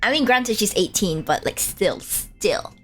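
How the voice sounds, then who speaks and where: A woman's voice: mid-range voice, animated, unhurried, a bit bright. A young woman chatting casually and playfully while streaming a game, with slang and teasing asides. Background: faint game music.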